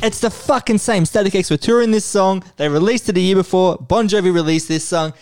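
Man, podcast host, casual chat, playful, swears, slightly high voice. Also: a little fast, a little mellow, clear, resonant tone, soft background music. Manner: playful, swearing, uses "mate". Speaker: podcast host running a quiz.

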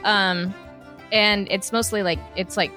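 A woman player in a tabletop game, describing her character's home haltingly and searching for words. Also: medium pitch, fairly even intonation, bright, forceful tone, soft background music. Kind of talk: tabletop role-play chat.

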